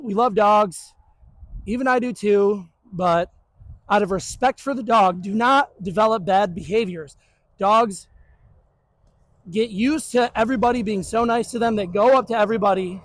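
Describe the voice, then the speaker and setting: High pitched guy explaining dog training, blunt and jokey. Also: rough recording. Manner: blunt and joking, puts on the dog's voice. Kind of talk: casual teaching talk.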